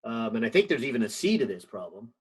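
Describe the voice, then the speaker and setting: A man's voice: mid-range voice, sing-song, quick pace, breathy edge, low-quality recording. A man teaching a physics help session over a video call, thinking aloud with lots of fillers and a few light jokes. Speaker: physics instructor. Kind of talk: online class help session.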